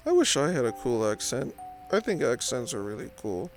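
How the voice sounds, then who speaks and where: Young man, Californian accent, meandering late-night chat, self-deprecating, gravelly fry. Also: medium pitch, big pitch swings, normal speed, soft background music. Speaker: host. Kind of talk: rambling late-night pillow talk.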